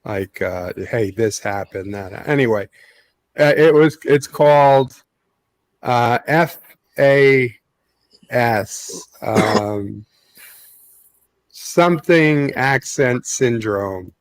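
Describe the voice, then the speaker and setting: A man talks in a casual stream chat. He speaks very slowly and stops for frequent ums and uhs. His pitch sits in the middle range. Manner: slow, halting, with many ums and uhs.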